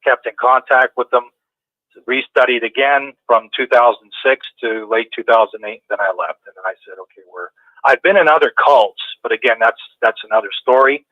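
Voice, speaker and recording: Over a tinny phone line, a man calls in to a talk show and chats fairly quickly in a mid-range voice. He rambles casually with many restarts, and the recording is dry.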